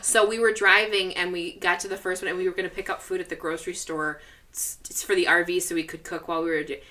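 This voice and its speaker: A woman's voice: lowish voice, steady tone, fast, pushed and bright. A young woman co-hosting a podcast, telling a story in casual chat with many restarts and fillers. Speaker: podcast co-host.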